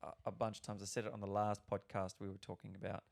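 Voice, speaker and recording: A young Australian actor talking casually on a podcast, rambling and swearing freely with lots of restarts. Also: male voice, fairly low pitch, completely flat delivery, fast talker, gravelly.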